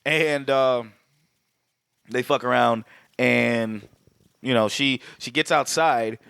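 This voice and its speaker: A man's voice: medium pitch, slow pace, creaky, fairly bright tone, smooth, no room sound, clean studio sound. Profane, laid-back male podcast co-host. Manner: loose, profane, laughing recaps. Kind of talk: casual chat.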